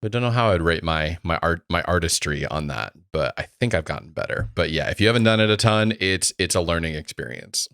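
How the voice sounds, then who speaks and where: A man's voice: low-pitched, expressive, brisk, hardly any pauses, a bit bright, clear, resonant tone, no room sound. A man co-hosting a podcast in casual chat, with dry, wry humor. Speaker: guest co-host.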